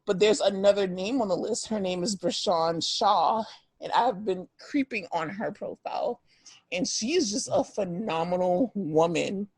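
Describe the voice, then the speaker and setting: Young woman, husky voice, dry close sound, chatty gossiping podcast host. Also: medium pitch, measured pace, a little mellow, dry recording. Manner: chatty, laughs often, gossipy. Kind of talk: casual chat.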